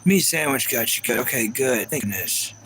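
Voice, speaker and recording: A man's voice: medium pitch, animated, normal speed, a bit bright, slight background noise, low-quality recording. A man hosting a live stream, talking casually and rambling with lots of fillers as he reads chat. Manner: rambling and chatty, with many fillers.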